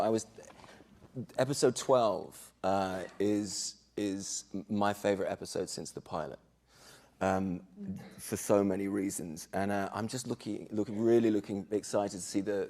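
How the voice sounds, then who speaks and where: A man's voice: on the low side, moderate pace, darkish tone. A middle-aged man, a guest actor chatting casually in an interview, hesitant and thoughtful.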